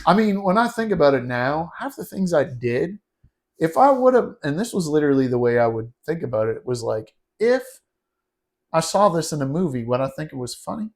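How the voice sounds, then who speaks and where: A man telling a wild story on a podcast, animated and laughing, calling his cohost "dude" and "bro". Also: a little high, fairly quick. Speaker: podcast host. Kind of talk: casual storytelling chat.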